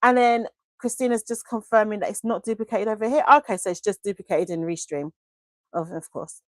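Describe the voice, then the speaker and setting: A woman's voice: medium pitch, brisk, no room sound, clean studio sound. A woman hosting a live craft stream, chatting casually and gushing affectionately as she reads viewer comments aloud into a desk microphone. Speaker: craft livestream host.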